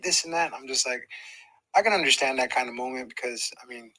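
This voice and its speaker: Middle-aged boxer guy telling a story on a podcast, super bright voice, throws in boom sounds and laughs. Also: brisk, low-quality recording. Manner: lively, acts out moments with sound effects and laughter. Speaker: professional boxer. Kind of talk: animated storytelling in a podcast interview.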